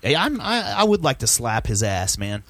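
A man's voice: mid-range voice, sing-song, moderate pace, fairly bright tone, no echo. Profane ranting man from Texas. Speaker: podcast co-host. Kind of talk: casual podcast banter.

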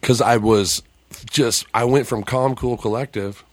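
A man, a paranormal investigator, telling a story as a podcast guest in a loose, profane, animated way, acting out what people said. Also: mid-range voice, unhurried, no room sound. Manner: profane, animated, acts out quoted dialogue.

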